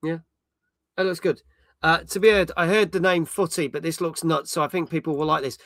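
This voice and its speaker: Middle-aged guy hosting a gaming chat, sharp bright tone, a bit high, swears a lot. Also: a little fast, no echo, studio quality. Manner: reads viewer comments aloud, swears freely, lively. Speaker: host. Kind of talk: casual gaming podcast chat.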